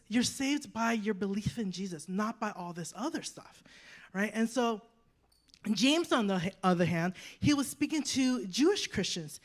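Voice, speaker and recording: A woman in her thirties preaching a sermon, telling a personal story with lively, acted-out quotes and frequent rhetorical questions. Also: a little high. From United States. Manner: animated storytelling, acting out quoted voices, rhetorical "right?". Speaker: guest preacher.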